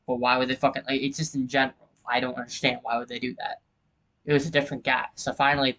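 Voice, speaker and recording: A man's voice: medium pitch, sharp tone, poor audio. Heated man telling a story. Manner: heated, swearing, acts out quoted people. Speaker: gaming channel host. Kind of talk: casual storytelling over gameplay.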